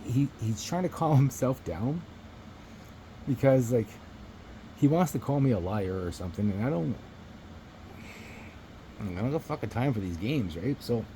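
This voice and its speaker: A man's voice: lowish voice, mellow, a little hiss or hum, low-quality recording. A man vlogging to his phone camera, telling a rambling story in a casual, profane way and chuckling between remarks.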